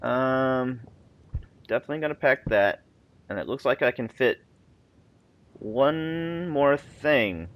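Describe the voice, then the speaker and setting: A man's voice: medium pitch, lively intonation, takes it slowly, pauses often, fairly bright tone, low-quality recording. A young man chatting casually while playing a video game, reading the game text aloud and laughing at himself. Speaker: let's play host. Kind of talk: casual gameplay commentary.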